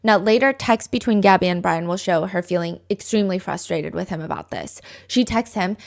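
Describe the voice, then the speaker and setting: A woman's voice: on the low side, brisk, creaky, few pauses. A woman hosting a true-crime podcast, telling the story casually with lots of "like" and earnest opinionated asides. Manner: chatty, with frequent fillers like "like". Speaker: podcast host.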